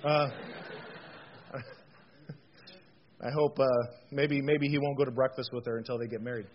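A man preaching a conversational sermon in a chatty, animated way, with frequent fillers and rhetorical questions. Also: mid-range voice, moderate pace. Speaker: pastor. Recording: dull lo-fi sound with faint noise.

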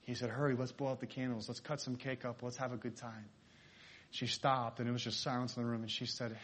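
A man's voice: mid-range voice, little pitch movement, fairly quick, a bit bright. A man preaching, telling a story in a sermon and acting out the characters' lines.

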